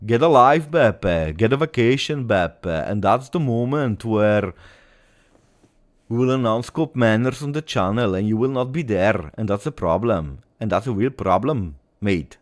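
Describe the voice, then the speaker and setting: A man's voice: on the low side, animated, a little slow. A man voicing a mock Scottish man who grumbles and swears, in an exaggerated, raised put-on Scottish accent. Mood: mock-lamenting.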